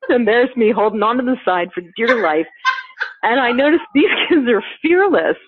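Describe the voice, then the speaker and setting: Husky lady chatting, lively ups and downs, laughs a lot, tinny phone-line sound. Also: on the high side, normal speed, background noise. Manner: animated, laughing often, acts out quotes. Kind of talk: casual anecdote.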